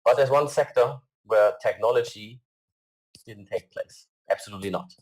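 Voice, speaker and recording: Halting man presenting slides, low voice. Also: darkish tone, poor audio. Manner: hesitant, many fillers and restarts; earnest.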